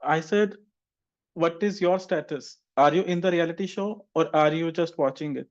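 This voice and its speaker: A man tutors an online speaking class in a fairly high voice. He teases his student playfully, then explains the scoring criteria patiently. The call audio sounds dull and lo-fi. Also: moderate pace. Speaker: English speaking-test tutor.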